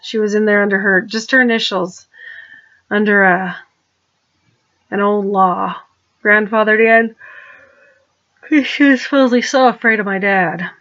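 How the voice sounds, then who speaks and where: A woman's voice: medium pitch, a little slow, pauses often, a bit bright, lo-fi sound. A woman talking in a rambling personal monologue, restarting her sentences and turning pointed and accusing. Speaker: vlogger.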